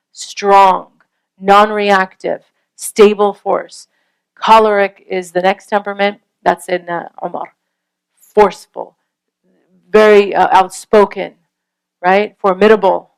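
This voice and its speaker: A woman delivers a casual lecture on parenting in a smooth, resonant voice. She speaks earnestly and conversationally, pausing now and then to check in with her listeners. Her pitch sits in a mid range for a woman. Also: low-quality recording. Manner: earnest, conversational, frequent rhetorical "right?".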